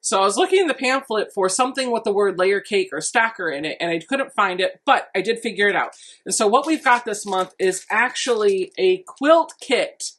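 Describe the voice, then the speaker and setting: A woman with a mid-pitched voice talks through an unboxing for her quilting channel. She is chatty and upbeat, thinking out loud as she shows each item. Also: animated, moderate pace. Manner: chatty and enthusiastic, thinking aloud. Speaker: quilting vlogger. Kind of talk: casual unboxing narration.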